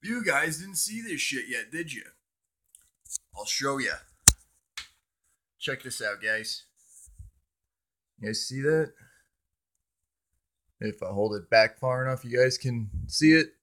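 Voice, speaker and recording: A man's voice: mid-range voice, expressive, slow, pauses often, fairly bright tone, a little hiss or hum. A young man hosting a casual livestream on his cell phone, rambling and swearing as he talks to viewers in chat. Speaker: livestream host.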